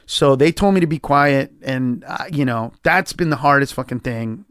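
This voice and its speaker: A man, a comedian guest on a podcast, telling a story in an emphatic, profane way and acting out quoted lines with sudden jumps in pitch. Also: moderate pace, fairly bright tone, clear, resonant tone, no echo, clean studio sound.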